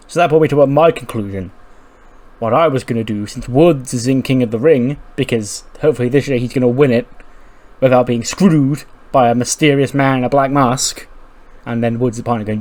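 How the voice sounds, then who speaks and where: A man's voice: mid-range voice, a little mellow. Chatty man narrating a game playthrough. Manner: chatty, quick, acts out characters. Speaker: video game commentator. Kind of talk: casual game playthrough commentary.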